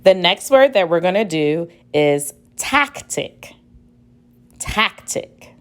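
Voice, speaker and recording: Slow-spoken woman teacher spelling words. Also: on the low side, animated, smooth. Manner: slow, deliberate, spells out letters and repeats words. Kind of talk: spelling dictation lesson.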